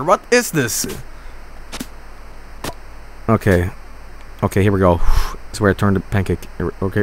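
A man streaming a hockey video game, commenting live, swinging from low grumbling to loud yelling and cursing at the game. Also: wildly swooping pitch, moderate pace, pauses often, faint music behind.

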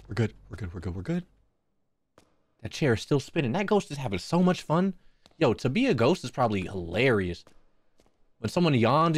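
Here a young man with a medium-pitched voice provides live commentary on a horror game, recorded with no room sound. He cracks vulgar jokes at his chat and nervously mumbles to himself.

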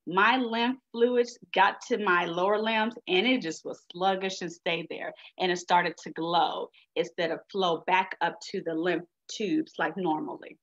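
A woman's voice: medium pitch, fairly bright tone. Woman, chatty folksy webinar talk, video call, dull lo-fi sound. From United States. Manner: chatty, folksy, addresses audience as y'all. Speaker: guest speaker sharing her experience. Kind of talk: webinar presentation.

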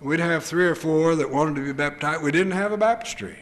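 A man's voice: a little high, a little fast. An older male preacher delivering an earnest, emphatic sermon full of rhetorical questions. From United States.

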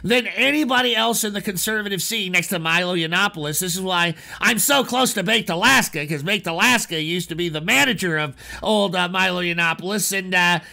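A man's voice: high-pitched, fairly quick, vocal fry, few pauses, sharp tone, exaggerated voice. A man putting on a mocking impression of a young male political streamer, speaking in a sneering tone. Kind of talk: mocking impression on a call-in show.

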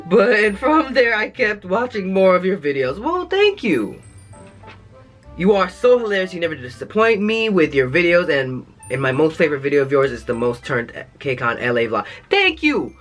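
A man's voice: fairly high pitch, fairly bright tone. A YouTube host, a man, reading fan letters aloud and adding jokey asides between them.

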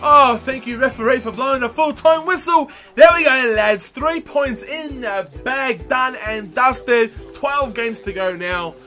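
A young man giving excitable live commentary over his own football video game, shouting and groaning as the match unfolds. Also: extremely high pitch, a little slow, few pauses. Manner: animated, shouts and groans at the action. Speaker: gaming commentator. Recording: faint music underneath.

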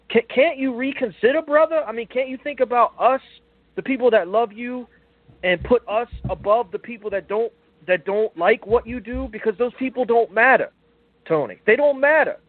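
An emotional man calls in over a tinny phone line, his voice pitched high for a man. He speaks earnestly, stumbling over restarts and repeating "brother." The sound is dry and close, with no room around it. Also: no echo. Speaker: caller to a call-in show. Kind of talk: heartfelt call-in plea.

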